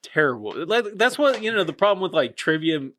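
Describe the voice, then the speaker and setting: A man's voice: a little high, sing-song, brisk, fairly bright tone. A man hosting a casual podcast chat, rambling and losing track of names as he talks. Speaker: podcast host.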